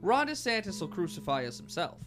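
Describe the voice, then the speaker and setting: A man's voice: high-pitched, very animated, fairly quick, a bit bright, faint music behind. A man co-hosting a podcast in casual chat, with a dry, sarcastic manner. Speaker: podcast co-host.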